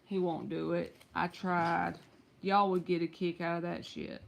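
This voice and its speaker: A woman's voice: on the low side, level tone, a little slow, gravelly, a little hiss or hum. A Southern woman, likely in her thirties or forties, giving a casual tarot reading on a live stream at home and chatting straight to her viewers. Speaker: tarot reader.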